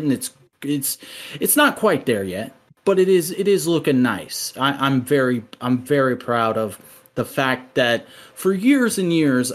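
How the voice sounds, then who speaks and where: A man co-hosting a podcast, rambling along in a casual, joking, profane way. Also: medium pitch. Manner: rambling, profane, self-mocking. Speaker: podcast co-host.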